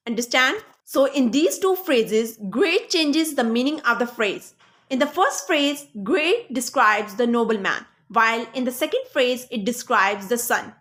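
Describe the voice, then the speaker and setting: High-voiced woman teaching grammar. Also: fairly bright tone. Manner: repeats "Understand?" to check on listeners; reads example phrases slowly and deliberately. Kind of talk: grammar lesson, explaining examples.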